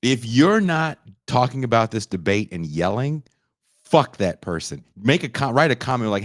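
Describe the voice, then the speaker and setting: A man hosting a podcast, delivering a loud, profane comedic rant that swings into shouting. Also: medium pitch, sing-song, normal speed, no room sound, clean studio sound. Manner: loud, swearing, swings into shouting and mock voices. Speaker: podcast host.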